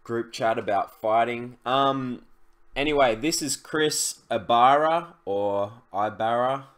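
A man's voice: mid-range voice, takes it slowly. A young man, chatting casually through a screen-share tutorial, loose and full of fillers and restarts. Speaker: e-commerce YouTuber.

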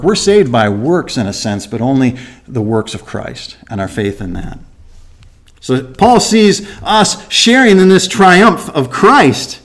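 With a high voice, a man teaches Scripture to his congregation one verse at a time. He keeps it lively and chatty, tossing rhetorical questions at the audience and playing out small scenes.

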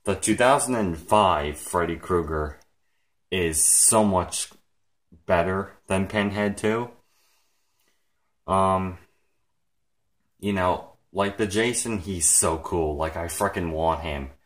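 A man vlogging casually, rambling with lots of fillers, excited and emotional to the point of near tears. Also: deep voice, takes it slowly, long pauses. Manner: rambling, heavy use of "like" and "frickin'". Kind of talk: casual vlog talk.

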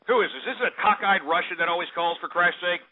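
Angry swearing radio host guy, high voice, tinny phone sound. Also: fast talker. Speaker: call-in show host. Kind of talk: comedic radio host rant.

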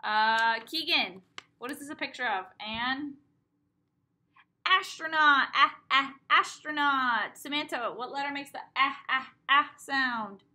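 A young woman teaches preschoolers through a recorded video lesson. She speaks slowly in a slightly high, bright voice. She sounds out each vowel with patient, emphatic repetition. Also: slight background noise.

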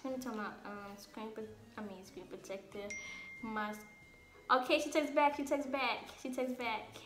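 Bright, chatty young woman vlogger. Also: a little high, fairly even intonation, moderate pace, roomy sound. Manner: chatty, giggly, talks to herself while texting. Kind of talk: casual chat.

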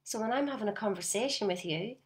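A woman's voice: medium pitch, fast. Emphatic woman life coach. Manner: animated, emphatic, addresses viewer directly with frequent "yeah?". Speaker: personal development coach. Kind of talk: motivational talk to camera.

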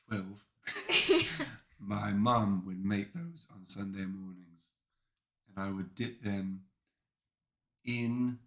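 A man putting on a British accent, telling a slow, dreamy childhood memory as a joke. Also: on the low side, fairly bright tone, echoey room. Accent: put-on British.

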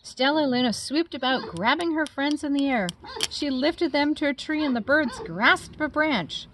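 A woman reading a children's picture book aloud, lively and expressive as she voices the characters. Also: normal speed, slight background noise. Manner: animated, voices the characters with high squeaks. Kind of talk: storybook read-aloud.

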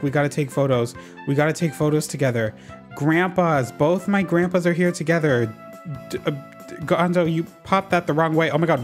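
A gaming YouTuber giving casual let's-play commentary, excitable and dramatic, using lots of slang and talking to the characters on screen. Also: medium pitch. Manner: talks to game characters while playing.

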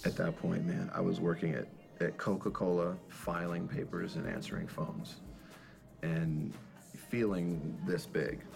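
A man with a deep voice and a gravelly edge talks through his memories in an easy, reflective way. He speaks as a band member in a documentary interview, with faint music playing under him. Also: level tone, measured pace. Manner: casual, reflective storytelling.

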